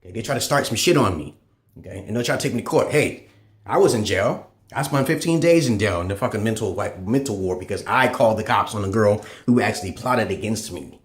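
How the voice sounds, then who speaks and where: A man delivering a profane, rambling monologue as a channel host, swinging between loud high bursts and low mutters. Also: lively intonation, fast talker. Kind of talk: ranting monologue. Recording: echoey room.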